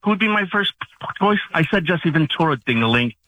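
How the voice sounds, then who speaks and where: A man's voice: fairly high pitch, expressive, brisk, sharp tone, dry recording, rough recording. A man calling in to a radio show who argues back defensively and combatively. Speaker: caller. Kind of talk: heated call-in argument.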